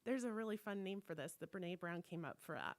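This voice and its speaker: A woman's voice: lowish voice, lively intonation, quick pace, dry recording. A woman minister giving a conversational sermon, telling personal stories candidly and acting out the voices she quotes.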